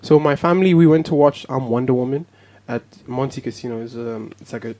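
A young man from South Africa, a podcast guest telling a story in a relaxed chat, lively, laughing often and acting out what people said. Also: mid-range voice, a little fast, a little hiss or hum.

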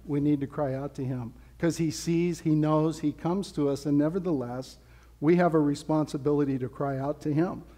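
A man's voice: on the high side, steady tone, normal speed, mellow. A man preaching a sermon as pastor, in a casual, conversational way with playful asides. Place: church sanctuary. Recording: long hall reverb.

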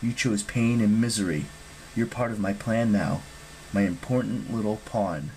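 A man's voice: fairly low pitch, normal speed, a little hiss or hum, close to an everyday voice, low-quality recording. Man voicing Gaia, a sleepy, menacing earth goddess. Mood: taunting. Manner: soft, mocking whisper. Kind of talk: audiobook reading.

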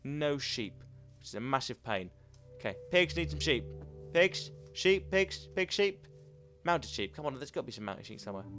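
A young man commenting as he plays a video game, chatty and excitable, talking to the animals in the game. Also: on the high side, moderate pace, faint music behind. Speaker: gaming commentator. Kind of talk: playing a game with live commentary.

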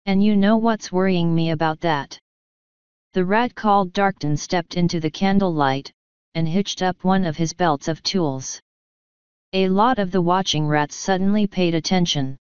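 A woman narrating an audiobook in a measured, even storytelling manner. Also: fairly low pitch, smooth, no echo, highs cut off. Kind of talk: scripted narration.

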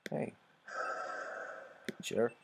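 A man from Canada commenting on a game, sarcastic and profane, shouting in frustrated bursts. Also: very slow, slight background noise. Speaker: let's play host. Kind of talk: gameplay commentary.

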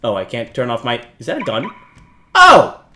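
Lively young man joking through a horror game. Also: mid-range voice, moderate pace. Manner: jokey, self-mocking, yelps and shouts at scares. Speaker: gaming YouTuber. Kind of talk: let's-play commentary.

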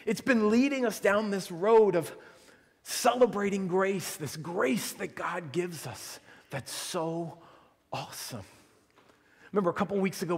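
A man preaching a sermon as pastor, telling a story in an animated way and acting out the quotes. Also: high-pitched. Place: church sanctuary. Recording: long church reverb.

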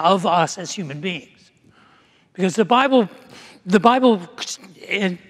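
A male pastor preaching a sermon in a conversational storytelling way, with frequent restarts. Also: high-pitched. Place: church sanctuary. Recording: long church reverb.

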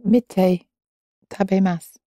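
A woman student answers her teacher's prompts, trying out phrases tentatively and correcting herself as she goes. She speaks slowly in a mellow, dry voice. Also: medium pitch, steady tone, dry recording. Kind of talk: answering in a language lesson.

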